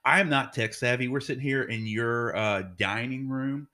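A man's voice: medium pitch, normal speed, sharp tone. A man co-hosting a casual faith podcast from a dining room, joking and teasing, then earnest. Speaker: podcast co-host, pastor.

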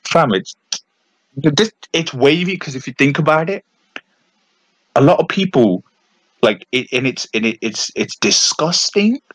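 A young man, chatting on a podcast in a rambling, animated way, full of fillers and restarts. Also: mid-range voice, normal speed, pauses often, no echo, rough recording. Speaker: podcast co-host. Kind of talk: casual chat.

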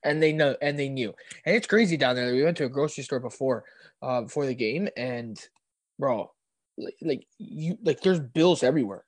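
A young man from Canada telling a podcast host about a football trip, excitable and laughing often, repeating himself as he goes. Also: mid-range voice, normal speed, no echo. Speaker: podcast guest. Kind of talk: casual sports chat.

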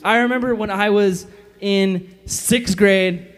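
A fairly high-voiced man giving a lively, casual youth sermon to a room of kids. He jokes and slips into silly voices to act out the people he quotes. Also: slow, clean tone. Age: adult. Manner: animated, jokey, acts out quotes in funny voices. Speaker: youth pastor.

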